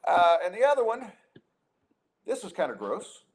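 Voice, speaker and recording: A man's voice: high voice, very animated, normal speed. Ranting male podcast host. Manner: exasperated, ranting, lots of restarts. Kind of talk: casual chat and rant.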